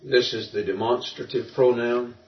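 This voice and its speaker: A man teaching a Greek grammar lesson, explaining step by step in a relaxed way with many fillers and restarts. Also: medium pitch, moderate pace, faint music behind. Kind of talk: classroom lecture. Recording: distant, roomy, dull lo-fi recording.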